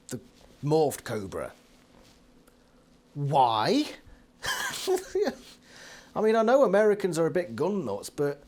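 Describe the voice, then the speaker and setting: A British man giving a casual, sarcastic book review from his living room, swearing freely and laughing often. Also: a little high.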